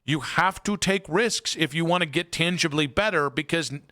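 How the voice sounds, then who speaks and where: Bright, forceful sports radio man. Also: a little high, moderate pace. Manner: rambling, filler-heavy, opinionated. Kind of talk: casual sports talk. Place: radio studio.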